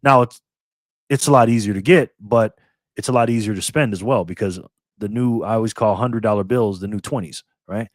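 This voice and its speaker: A man's voice: on the low side, fairly quick, no room sound, clean studio sound. A man in his fifties, a guest in a casual interview, telling stories and acting out little dialogues. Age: 50s. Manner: animated storyteller acting out dialogues.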